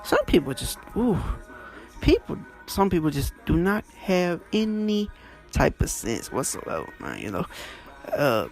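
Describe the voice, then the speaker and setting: A man telling stories in a casual monologue, blunt and swearing freely, with soft music behind him. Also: wildly swooping pitch, unhurried. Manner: blunt, swears freely, wide swings in pitch. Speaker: storytelling vlogger.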